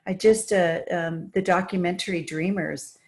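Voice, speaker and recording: A woman's voice: lowish voice, fairly even intonation, normal speed, a little mellow. A woman guest on a podcast, telling her stories with enthusiasm in a casual, run-on way. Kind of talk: casual interview storytelling.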